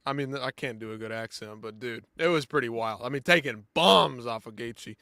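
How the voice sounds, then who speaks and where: A man hosting a live post-fight show in casual commentary, animated and chatty, swinging between loud outbursts and quiet asides as he talks to viewers. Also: mid-range voice, normal speed, hardly any pauses, no echo, clean studio sound.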